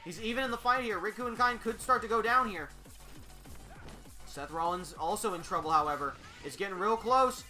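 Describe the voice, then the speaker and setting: A commentator giving casual, excited play-by-play of computer fighting matches. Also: medium pitch, moderate pace, soft background music.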